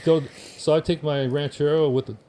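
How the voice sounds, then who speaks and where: A man's voice: fairly high pitch, steady tone, a little fast, dark tone, a little hiss or hum. An older American man, a veteran guest on a podcast, telling casual stories with wry humor and acting out the people he quotes. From United States. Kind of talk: casual storytelling.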